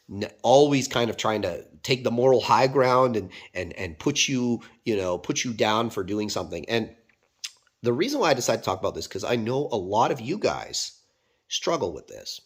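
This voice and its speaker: A man's voice: lowish voice, animated, moderate pace. A man from Canada, a dog trainer, talking casually to camera, with a rambling manner and frequent fillers and restarts.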